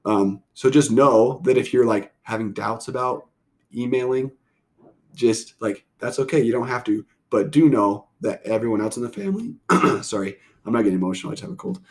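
A man's voice: mid-range voice, a little fast. A man hosting a family podcast, chatting casually and rambling with lots of fillers. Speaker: podcast host. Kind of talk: casual chat.

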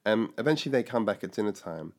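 A man in his sixties from England, telling his life story in a lively conversational way and acting out the voices of people he remembers. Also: fairly low pitch, fast talker.

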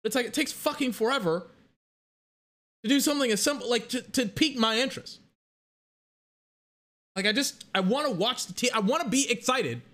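High, bright-voiced man ranting casually. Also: brisk, long pauses. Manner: rambling, animated, frequent restarts and fillers. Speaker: vlogger reviewing a TV series. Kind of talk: casual rant to camera.

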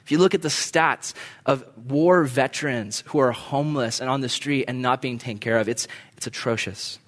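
A young man preaching a sermon, telling stories from his own life and acting out his frustrated outbursts in a high, strained voice. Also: moderate pace.

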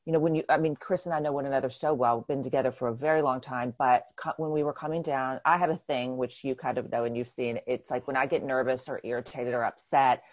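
Low-voiced fast-talking woman. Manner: animated, self-deprecating, with restarts. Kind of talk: casual chat.

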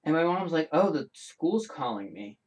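A man with a slightly raised speaking voice hosts his own show, talking casually and alone. He rambles from point to point, animated, backtracking and restarting his sentences as he goes. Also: on the high side, moderate pace. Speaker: show host. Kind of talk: casual solo podcast chat.

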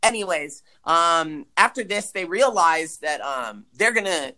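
A man co-hosting a podcast, chatting casually and swearing as he recaps a movie with big pitch swings for emphasis. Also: expressive, measured pace, sharp tone. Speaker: podcast co-host.

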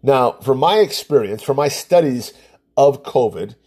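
A man's voice: mid-range voice, expressive, a little slow, warm tone, breathy edge. A man giving a casual, rambling opinion monologue, scoffing and sarcastic, often restarting his sentences. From Hawaii. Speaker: commentator.

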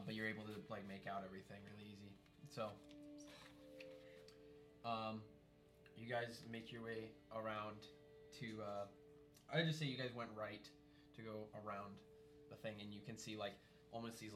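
A man narrating a tabletop game as game master, describing scenes in a loose, rambling way with many fillers. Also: lowish voice.

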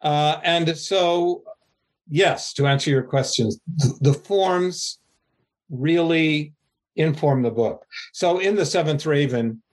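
An older man, an author, giving a slow, rambling, self-deprecating interview answer. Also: fairly high pitch.

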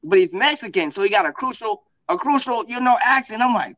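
A man's voice: sits high, expressive, quick pace, hardly any pauses, a bit bright, no room sound, rough recording. A man from the US Northwest telling a long, profane story on a casual podcast, often asking "you feel me". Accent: US Pacific Northwest. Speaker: podcast co-host.

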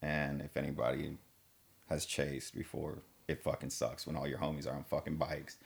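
A man's voice: rumbling low, level tone, normal speed, vocal fry. A man telling a story in casual chat, laid-back and slangy, cursing freely and calling people dude and man.

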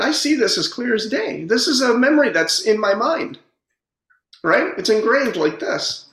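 This speaker on personal growth has an extremely high, somewhat bright voice and shares his own stories casually and thoughtfully. His earnest delivery is halting, full of repeated and restarted words, and the room echoes noticeably.

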